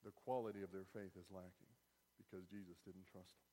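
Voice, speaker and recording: A man's voice: sits low, fairly even intonation, a little fast, dark tone. A man preaching a sermon as pastor, conversational and wry, rising to emphatic bursts. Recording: long hall reverb.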